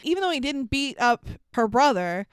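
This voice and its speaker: A woman's voice: high voice, sing-song, normal speed, clear, resonant tone, no room sound, studio quality. A woman in casual conversation about a film, chatty and opinionated, who laughs often. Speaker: podcast co-host. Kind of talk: casual movie recap chat.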